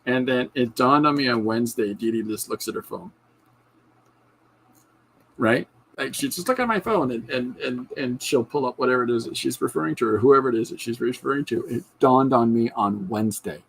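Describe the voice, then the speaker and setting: A man with a mid-range, slightly bright, creaky voice talks at a normal speed, hosting his own podcast as a comic artist. He chats casually and enthusiastically about his comic ideas in a casual livestream style, rambling and often restarting. The low-quality recording carries a little hiss or hum.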